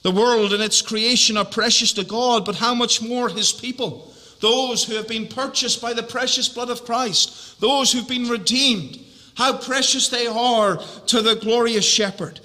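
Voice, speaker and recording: A man preaching a sermon slowly and deliberately, repeating key phrases for emphasis. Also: very high voice, fairly even intonation, sharp tone. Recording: echoey hall reverb.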